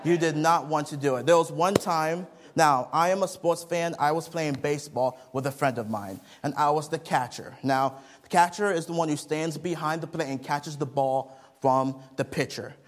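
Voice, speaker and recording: A young man preaches to children in a lively storytelling manner, with a voice a bit higher than most men. He reads scripture and stops to put questions to the kids. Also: moderate pace, a little hiss or hum. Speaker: children's Bible teacher. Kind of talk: children's sermon.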